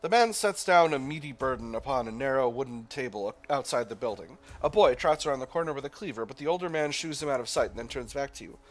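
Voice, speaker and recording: Lively man thinking aloud while playing. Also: mid-range voice, quick pace, hardly any pauses, faint music behind. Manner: thinks aloud, hesitant restarts. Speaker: gaming channel host. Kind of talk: let's play narration and reading aloud.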